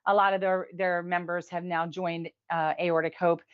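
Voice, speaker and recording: A woman hosting a casual weekly review show. She talks in a chatty way, laughs often and drops in quick asides. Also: fairly low pitch, little pitch movement, clean tone, narrow, tinny audio. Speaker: host.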